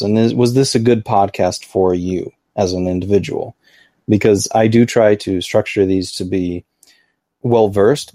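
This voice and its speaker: Mellow-voiced man hosting a rambling podcast. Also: lowish voice, dry recording, studio quality. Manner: rambling, filler-heavy, easygoing. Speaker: podcast host. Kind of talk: casual livestream chat.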